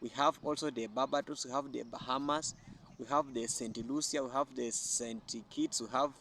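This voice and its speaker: A man's voice: mid-range voice, steady tone, normal speed, a bit bright, slight background noise. A man giving earnest opinion commentary, explaining at length with repeated phrases and restarts. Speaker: YouTube commentator.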